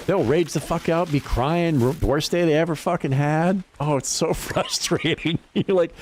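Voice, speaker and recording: A man's voice: fairly high pitch, normal speed, few pauses, slight background noise. A man in his fifties chatting casually as a livestreamer, swearing freely and laughing often. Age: 50s. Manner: animated, profane, laughs often. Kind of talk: casual chat.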